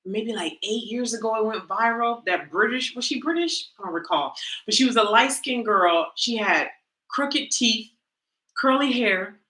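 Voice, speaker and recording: Animated woman coach in an echoey room. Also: mid-range voice. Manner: animated, conversational, addresses audience directly. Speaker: women's coach and teacher. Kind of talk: motivational talk to a group.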